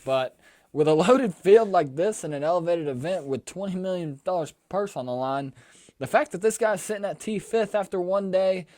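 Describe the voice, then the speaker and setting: Young male podcast co-host, brisk slangy recaps, slightly high voice, dry close sound. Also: a little mellow, dry recording. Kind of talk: casual sports chat.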